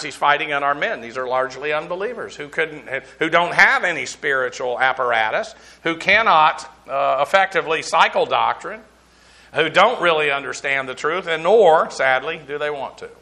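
This man teaches a verse-by-verse Bible lesson in a chatty, instructive way, filling his speech with frequent fillers as he unpacks Greek words and spells each one out letter by letter. His bright voice sits slightly high for a man, and his delivery is animated at a normal speed.

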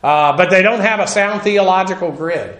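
A man's voice: high voice, moderate pace, a bit bright. A man preaching an expository Bible sermon, emphatic and conversational with dry humorous asides. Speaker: pastor. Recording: echoey room.

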